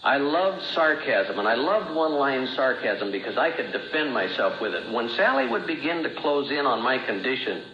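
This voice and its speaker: A middle-aged man shares an earnest personal testimony as a recovery speaker, telling his story with a rising and falling delivery. His pitch swings widely, his pace is moderate, and he barely pauses. The old recording sounds roomy and dull, with a faint hiss or hum.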